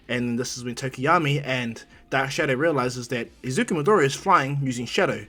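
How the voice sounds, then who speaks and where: A man's voice: mid-range voice, fairly quick, hardly any pauses, a bit bright. A man casually narrating a fan story in a rambling way, with lots of fillers.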